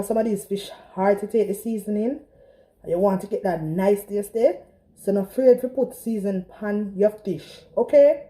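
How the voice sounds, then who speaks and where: Woman, Trinidadian accent, casual cooking vlog, talkative, warm mellow voice, home kitchen. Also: mid-range voice, low-quality recording. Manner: chatty, talks straight to viewers. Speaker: home cook vlogger. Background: frying and sizzling in a pan.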